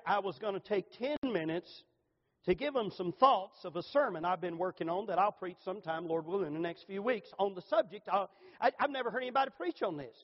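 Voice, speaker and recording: A middle-aged male pastor delivers a fervent sermon in a high voice, pressing hard on key phrases before softening to a hushed altar call. The sound rings with long reverb in a church sanctuary. The recording is dull and lo-fi. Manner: fervent preaching, rising emphatic pitch, hushed at invitation.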